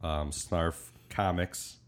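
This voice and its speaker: Brief: male podcast host, deep and low, relaxed joking delivery. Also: slow pace. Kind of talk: casual podcast chat.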